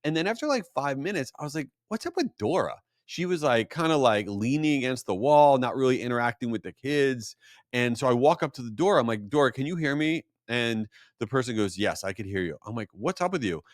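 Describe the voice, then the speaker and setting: A man hosting a podcast, telling a casual story and acting out the other people's voices with big jumps in pitch. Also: lively intonation, fairly quick, no echo, clean studio sound. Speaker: podcast host.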